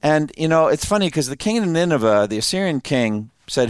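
A man's voice: on the high side, very animated, a little fast, smooth, no echo, studio quality. A man preaching a sermon in a conversational way, laughing often and asking his listeners questions. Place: room with an audience.

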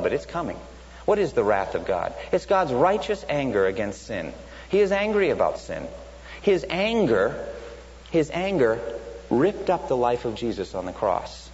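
A man preaching a sermon in an emphatic way, often asking rhetorical questions. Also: medium pitch. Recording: dull echoey hall with faint hum.

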